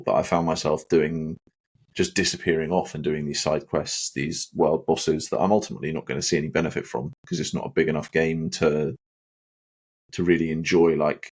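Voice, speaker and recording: A man's voice: very deep voice, fairly even intonation, fairly quick, slightly rough. A man co-hosting a casual gaming podcast, rambling with plenty of "like" and "sort of". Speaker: podcast co-host.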